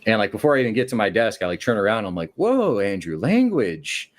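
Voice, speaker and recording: Calling in to a talk show, a man with a fairly low voice casually tells a long story at a very fast clip. He gives every quoted line its own shifting voice and keeps the tale rolling.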